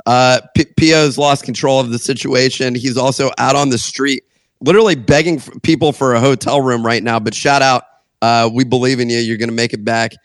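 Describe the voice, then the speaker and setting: A man's voice: mid-range voice, steady tone, fairly quick, no echo. Podcast host guy cracking jokes, teasing the guests, dry close sound. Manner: joking, teasing. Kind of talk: casual podcast chat.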